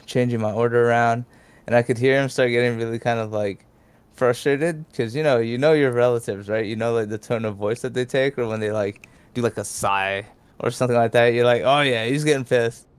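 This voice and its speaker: A man's voice: mid-range voice, steady tone, brisk, clean tone, dry recording. A man telling a story in a laid-back, profane way, full of "like" fillers. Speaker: podcast storyteller. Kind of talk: casual storytelling.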